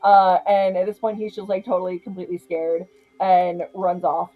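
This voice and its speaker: A young woman casually recapping a horror comedy, chatty and animated, laughing often. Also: on the low side, moderate pace, narrow, tinny audio. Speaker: film reviewer.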